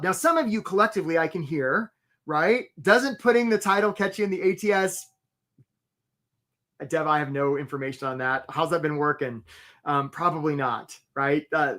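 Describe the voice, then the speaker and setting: Middle-aged male career coach, energetic live webinar delivery, quick put-on voices. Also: sits high. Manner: animated, quick asides, acts out job seekers in put-on voices.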